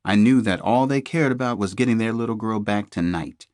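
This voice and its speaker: Male audiobook reader, tense first-person thriller, deep-ish voice, dry close read. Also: fairly quick, darkish tone, dry recording. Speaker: audiobook narrator. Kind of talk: scripted first-person narration.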